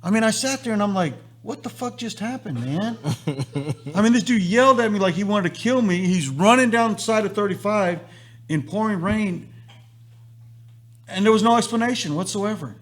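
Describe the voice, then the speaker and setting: A man's voice: high voice, normal speed. A man hosting a live stream, telling a long story and acting out the lines of the people in it. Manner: animated storyteller acting out quotes. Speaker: host.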